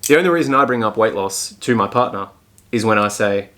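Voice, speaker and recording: A man's voice: fairly low pitch, fast talker, a bit bright. A young man hosting a solo podcast, talking bluntly and frankly and swearing often. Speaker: podcast host and fitness coach. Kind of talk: casual solo podcast talk.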